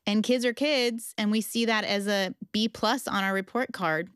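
A woman telling lively stories about motherhood as a guest in casual chat. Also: medium pitch, moderate pace, clear, resonant tone, no echo, clean studio sound. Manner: animated storyteller. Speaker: guest author.

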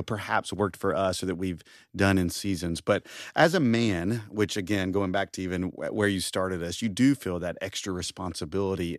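Earnest low-voiced man, dry studio sound. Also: no room sound. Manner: earnest, passionate, self-reflective. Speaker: guest. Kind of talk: faith podcast conversation.

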